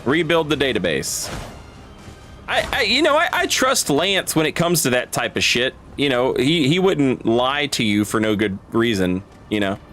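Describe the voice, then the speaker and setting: Animated male game streamer chatting. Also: mid-range voice, normal speed, soft background music. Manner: rambling, stammering, swearing, reading chat aloud. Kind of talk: casual live-stream chat.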